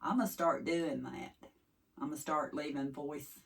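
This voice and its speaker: With a Southern accent from East Tennessee, a woman vlogs in a casual, chatty, folksy manner, straying from her point now and then. She speaks at normal speed in a low voice with vocal fry, a little distant from the microphone.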